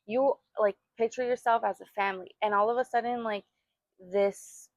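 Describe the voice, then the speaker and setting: A woman's voice: medium pitch, fairly even intonation, moderate pace, no echo. A young woman co-hosting a casual chat, telling a personal story with feeling and lots of fillers. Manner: emotional storytelling, many fillers. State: pregnant or new mother. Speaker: podcast co-host.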